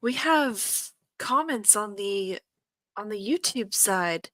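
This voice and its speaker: A woman's voice: mid-range voice, expressive, slow pace, sharp tone, no room sound. A woman co-hosting a casual drinking chat, chatty and teasing in a matter-of-fact way.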